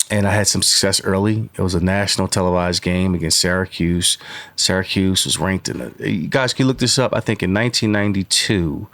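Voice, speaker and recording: Low-pitched with a slightly bright edge, a man in his forties tells meandering, filler-heavy stories as a guest on a podcast. The interview is casual and the recording is dry.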